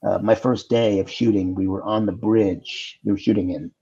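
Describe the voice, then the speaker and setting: Low mellow-voiced man telling set stories. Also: normal speed, vocal fry, slightly rough, muffled recording. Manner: storytelling with animated impressions. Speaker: actor guest. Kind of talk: casual anecdotes on a video call talk show.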